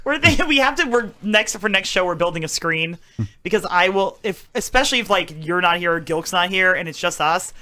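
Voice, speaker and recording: A woman's voice: lowish voice, expressive, brisk, sharp tone. A woman co-hosting a podcast, joking and laughing easily in loose banter. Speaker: co-host.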